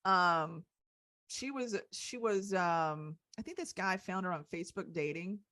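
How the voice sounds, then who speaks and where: A woman's voice: fairly low pitch, measured pace, fairly bright tone, no echo. A woman hosting a casual podcast chat, rambling with lots of "you know" and "um.". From Texas. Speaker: host.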